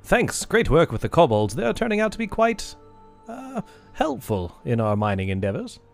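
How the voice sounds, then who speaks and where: A man's voice: medium pitch, big pitch swings, quick pace, faint music behind. A man voicing a friendly, slightly sly male half-orc town leader in a tabletop game. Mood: genial.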